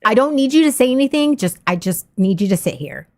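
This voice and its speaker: A woman's voice: high-pitched, animated, brisk, darkish tone. A woman co-hosting a casual stream chat, talking candidly and emphatically, swearing freely. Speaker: streamer co-host.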